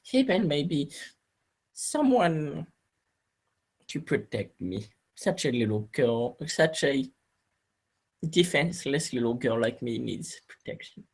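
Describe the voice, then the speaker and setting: A man's voice: medium pitch, big pitch swings, takes it slowly, vocal fry, pauses often, breathy edge, exaggerated voice. A man voicing a coy, childlike female vampire in a tabletop role-play, speaking in a sweet, girlish way.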